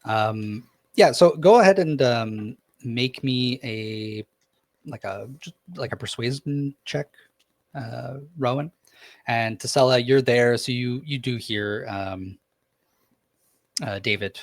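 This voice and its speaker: A man's voice: mid-range voice, slow pace, no room sound. Young guy dm rambling thru a scene, lots of um and like, dry sound. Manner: loose, hedging narration with many fillers. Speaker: dungeon master. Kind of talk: narrating a tabletop game.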